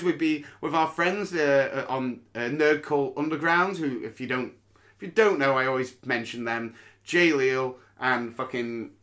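A man in his thirties from the UK hosts a podcast, spinning a rambling story that is full of swearing and dry sarcasm. His voice is bright and forceful, sitting at an ordinary middle pitch for a man. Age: 30s. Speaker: podcast host. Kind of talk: casual solo podcast storytelling.

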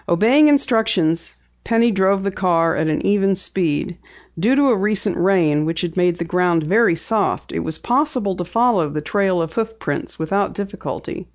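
A woman reading a novel aloud in steady scripted narration. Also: mid-range voice, normal speed, muffled recording. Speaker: audiobook reader.

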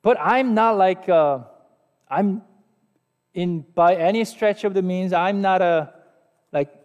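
A man's voice: high-pitched, takes it slowly, darkish tone, clean tone, muffled recording. A man in his forties, a pastor with a Korean accent, preaching a sermon in a conversational, self-deprecating way and asking his listeners questions. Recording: long hall reverb.

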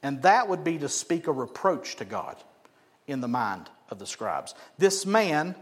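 A man preaching a sermon as pastor, animated and often asking the congregation questions. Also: fairly high pitch, a little slow. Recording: echoey hall.

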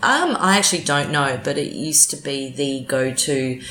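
A woman's voice: extremely low pitch, moderate pace. An Australian woman who presents community radio, chatting casually as an interview guest with many restarts and fillers. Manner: relaxed, talks in restarts and fillers. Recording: echoey room, faint noise.

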